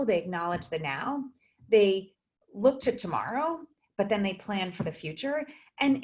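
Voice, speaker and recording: A woman's voice: mid-range voice, a little mellow. A woman psychologist, a guest in a video interview, speaking thoughtfully with frequent fillers and restarts.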